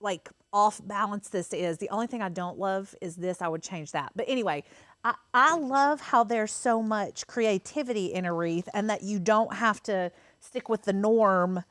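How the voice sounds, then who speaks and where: A woman walks through a craft project in an easygoing, rambling way, full of ums and asides. Her voice sits at an ordinary middle pitch, and the sound is close and dry with no room echo. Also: moderate pace, fairly bright tone. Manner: chatty and rambling, many fillers. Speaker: craft host. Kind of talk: casual craft tutorial.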